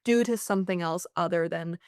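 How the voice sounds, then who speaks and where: A woman in her twenties, a graduate researcher, explaining her study in a relaxed, chatty way as a podcast guest. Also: fairly low pitch, fairly quick, clean tone, no room sound, clean studio sound. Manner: relaxed, chatty with fillers like 'like'. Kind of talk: casual interview explanation.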